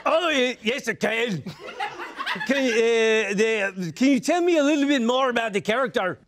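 A man plays along in a loose improv game, laughing through his lines. His pitch moves in lively swings. Noise hums steadily behind him. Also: moderate pace. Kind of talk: playful improv banter.

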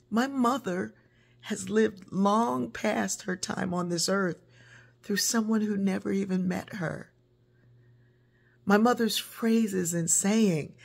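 An older woman with a gravelly, husky voice tells stories from her own family. She talks in a lively, animated way, laughs often and breaks into the voices of her relatives. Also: medium pitch, measured pace. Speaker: speaker telling a personal story. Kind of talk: personal storytelling.

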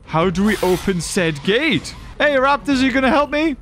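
Excitable, high-voiced gamer. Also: male voice, normal speed, faint music behind. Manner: excitable and sarcastic, with frequent exclamations. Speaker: gaming YouTuber. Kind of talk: let's-play commentary.

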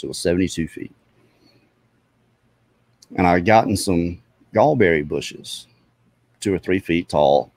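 Southern US man, very low voice, rambling storyteller, dry close sound. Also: a little mellow, no echo. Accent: Southern US (Mississippi). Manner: rambling, detailed, self-correcting. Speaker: guest telling an encounter story. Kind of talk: casual storytelling.

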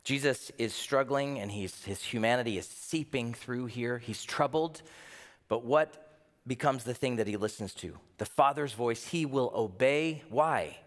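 Male pastor, mid-range voice, animated sermon delivery with rhetorical questions, long hall reverb. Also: mid-range voice, measured pace. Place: church.

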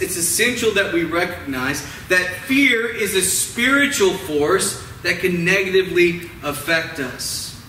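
A man preaching a sermon, stressing words and letting phrase ends drop soft and low. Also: a little hiss or hum. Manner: dramatic, drawn-out emphasis with falling, softening phrase ends. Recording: roomy echo, mic at a distance, faint ambience.

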